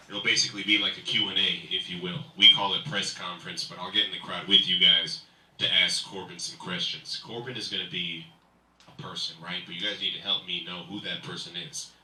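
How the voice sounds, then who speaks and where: A man hosting a live comedy show, working the crowd with loud, energetic emcee banter and stand-up. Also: low voice, a little fast, slight background noise. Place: live comedy venue, indoors. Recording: echoey room, mic from far off.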